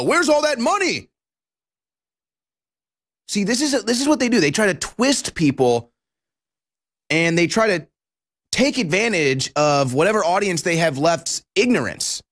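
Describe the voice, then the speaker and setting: Male talk host, sarcastic and emphatic, high voice that swings widely. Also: fairly bright tone. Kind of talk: political talk show commentary.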